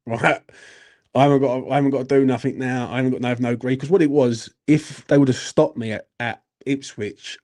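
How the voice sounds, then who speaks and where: Brief: young man, relaxed dark tone, laughs and curses, calls everyone mate. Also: medium pitch. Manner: swearing, animated anecdote with laughs and "mate". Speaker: football channel host. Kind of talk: late-night casual storytelling.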